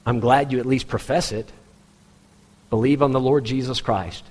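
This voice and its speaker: A man's voice: steady tone, normal speed, a little mellow. Preaching man in a reverberant hall. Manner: conversational preaching, mimics congregants in a higher voice. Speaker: pastor. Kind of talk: sermon.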